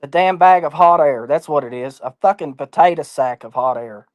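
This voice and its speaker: A man's voice: fairly high pitch, moderate pace, no room sound. A man talking as an interview guest in a casual chat, blunt, defiant and full of swearing.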